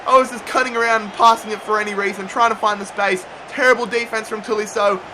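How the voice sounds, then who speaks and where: A man commentating his own football video game match, muttering through tense play and yelling at big moments. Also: high-pitched, fairly even intonation, fast talker, a little hiss or hum. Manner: swings from muttering to shouting at goals. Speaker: gaming YouTuber. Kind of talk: excited play-by-play gaming commentary.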